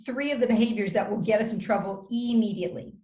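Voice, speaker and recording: A woman communication coach explains her advice in a measured, instructive manner. Her voice sits at a middle pitch and carries the reverb of a roomy space. She often slows down to act out calm example phrases. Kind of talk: interview, giving advice. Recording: roomy echo.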